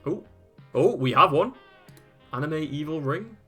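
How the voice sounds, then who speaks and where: A man's voice: a little high, expressive, unhurried, sharp tone, slightly rough, faint music behind. A man hosting a video, reading old web pages aloud and chatting about them with casual amusement, often laughing and swearing. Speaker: host.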